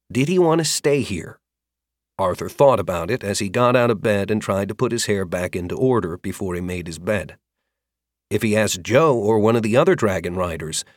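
Male narrator for a fantasy audiobook: lowish voice, lively delivery, dry close recording. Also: no echo. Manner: steady, expressive storytelling.

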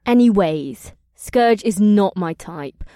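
A man voicing a teasing, purring horned young woman with red skin in an audiobook, his voice raised high and playful. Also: expressive, slow, dark tone, no echo, studio quality. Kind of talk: audiobook character voice.

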